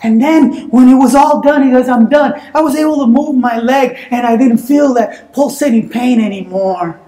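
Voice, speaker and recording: In a church sanctuary, a woman preaches and shares a personal story with animation, breaking into shouts and laughter. Her voice sits high, her pace is moderate, and the sound is roomy.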